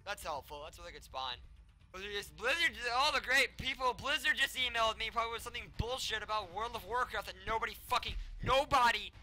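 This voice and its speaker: High-pitched man ranting over gameplay. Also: animated, quick pace, soft background music. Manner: profane ranting with sudden shouts and low grumbling. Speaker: gamer. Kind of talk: angry gameplay commentary.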